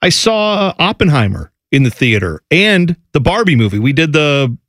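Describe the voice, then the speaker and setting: A man's voice: a little high, very animated, normal speed, a bit bright, no echo, clean studio sound. A middle-aged man co-hosting a sports radio show, chatting casually and rambling with easy laughs. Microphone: studio microphone.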